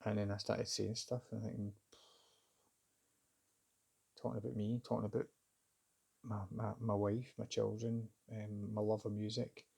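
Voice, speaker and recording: Scottish man, casual storyteller; flat, husky delivery that rambles and restarts. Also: fairly low pitch, measured pace, pauses often. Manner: rambling and hesitant, with many fillers and restarts. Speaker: vlogger recounting a job interview.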